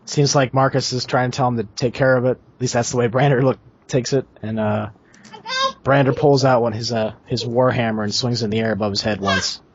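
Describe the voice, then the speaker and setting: A man's voice: medium pitch, steady tone, brisk. A man casually describing his character's actions as a player in a tabletop game over a video call. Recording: muffled lo-fi online call.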